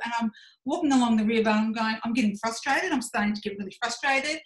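A woman in her forties talks quickly at medium pitch, guesting on a podcast and speaking with honesty and reflection. She acts out her inner voice as she relates her experiences. The sound is roomy and echoey.

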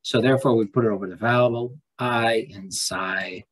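A man teacher talking students through a screen-recorded lesson in a relaxed, folksy way with frequent restarts. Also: medium pitch, a little fast, low-quality recording.

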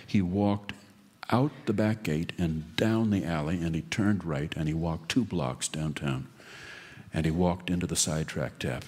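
A man telling a wry, deadpan story in an unhurried live storytelling monologue. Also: deep voice, slight background noise. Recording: long reverb of a live hall.

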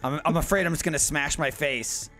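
A man's voice: a little high, brisk, sharp tone, faint music behind. A man in his thirties chatting casually while playing a video game, swearing and laughing. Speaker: gamer. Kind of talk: casual gaming chat.

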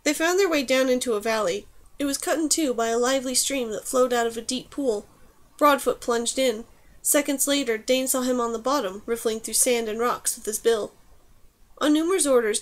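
A woman narrates an audiobook in a steady, even reading voice. Her pitch sits a little high for a woman. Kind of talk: scripted narration.

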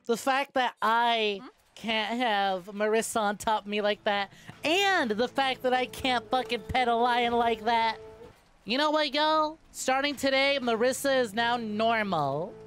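A young adult woman streaming a game, giving crude, playful, excitable commentary. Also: fairly high pitch, measured pace. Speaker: VTuber streamer. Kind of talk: casual gameplay commentary.

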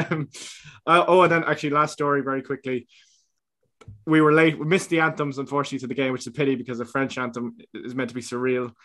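Speaking fast in a mid-range, slightly bright voice with fairly even intonation, a young Irish podcast co-host spins stories during a casual chat. He laughs a lot and keeps restarting his sentences.

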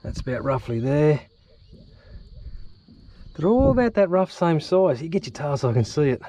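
An Australian man vlogging his fishing outdoors, excitedly talking to the fish and the viewers as he fights and lands it. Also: on the high side, normal speed, a little hiss or hum. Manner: excitable, chatty, swears and laughs while fighting fish. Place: outdoors on the water.

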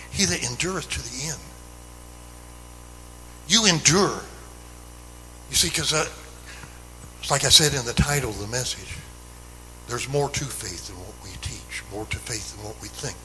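A man's voice: medium pitch, bright, forceful tone, long reverb tail, a little hiss or hum, rough recording. A man teaching a Bible lesson in an earnest, repetitive style that builds emphasis. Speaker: Sunday school teacher. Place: church.

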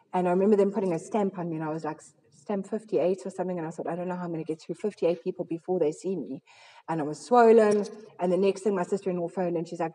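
A woman's voice: fairly low pitch, warm tone. A South African woman giving an earnest, rambling personal testimony to a recovery fellowship, with many fillers. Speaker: recovery fellowship member sharing. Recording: long hall reverb.

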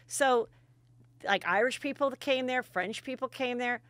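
A woman hosting a comedy podcast, chatting in a gossipy, animated way and telling stories with loud impressions. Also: a little high, normal speed, dry recording. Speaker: podcast host. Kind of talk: casual comedic chat.

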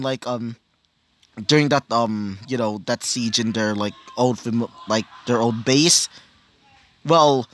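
A man's voice: medium pitch, fairly bright tone, no room sound. Rambling man narrating fan fiction. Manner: rambling and casual, many fillers and self-corrections. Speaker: storyteller.

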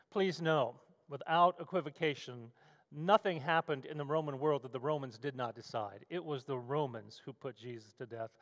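A male pastor delivering a sermon with vivid, storytelling scene-setting. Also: a little high. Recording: long hall reverb.

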